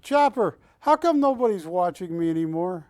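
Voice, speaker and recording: High-voiced, jokey man calling auction bids. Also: expressive, moderate pace, a little mellow. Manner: jokey, chatty, calls bids and counts them down. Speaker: auction host. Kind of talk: live shopping-channel auction patter. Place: TV studio.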